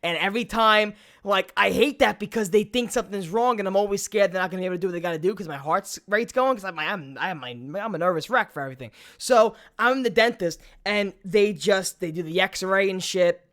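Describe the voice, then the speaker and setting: A man's voice: sits high, brisk, hardly any pauses, a bit bright. A young man from Brooklyn telling a long story on his podcast in a casual, rambling way. He swears often and restarts his sentences. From Brooklyn, New York. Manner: rambling, profane, frequent restarts. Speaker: podcast host.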